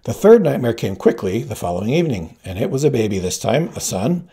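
A man reads a story aloud in a gravelly, husky voice. His tone is dark and mellow, and his pitch moves freely as he voices each character. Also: very animated, a little fast. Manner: reads all characters with shifting pitch, quiet narration tags. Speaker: audiobook reader. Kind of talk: scripted narration.

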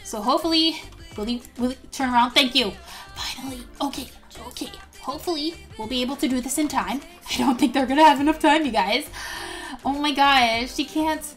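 Bubbly high-voiced woman gushing over gameplay. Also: fairly bright tone, soft background music. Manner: bubbly and gushing, frequent gasps, quick quoted character asides. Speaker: gaming YouTuber narrating gameplay. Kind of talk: excited let's-play commentary.

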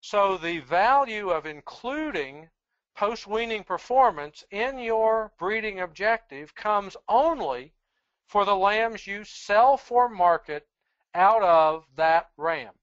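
Brief: measured lecturer, plain talk, mid pitch, dull dry audio over a computer mic. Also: lively intonation, fairly bright tone, no echo. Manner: measured, explanatory, plain-spoken. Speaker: presenter on sheep breeding genetics. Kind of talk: webinar lecture with slides.

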